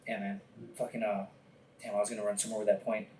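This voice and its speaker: A man appearing as a podcast guest, telling stories in a lively, casual way, acting out quotes and swearing often. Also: lowish voice, fast talker, slight background noise. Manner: animated storyteller, acts out quotes, swears often. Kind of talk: casual storytelling.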